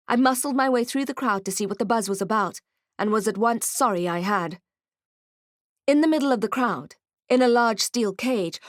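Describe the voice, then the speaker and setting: A woman reading an audiobook in first person with wry, expressive storytelling. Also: fairly high pitch, dry recording, clean studio sound. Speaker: audiobook narrator. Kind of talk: scripted first-person narration.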